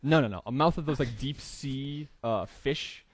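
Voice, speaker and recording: A man's voice: medium pitch, normal speed, no room sound. A man from Indiana co-hosting a podcast, telling an improvised story in a rambling, hesitant way with lots of fillers. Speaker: podcast co-host.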